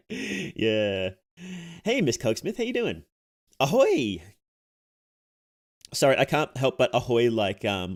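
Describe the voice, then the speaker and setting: A young man streaming as a VTuber, chatting casually with viewers, reading chat aloud, laughing often and restarting his sentences. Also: fairly low pitch.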